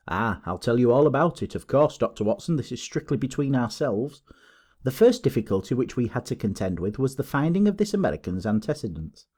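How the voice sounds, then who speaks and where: A man voicing a pompous, boastful male police detective in an audiobook, talking in excited, self-satisfied bluster. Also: mid-range voice, a little fast, breathy edge.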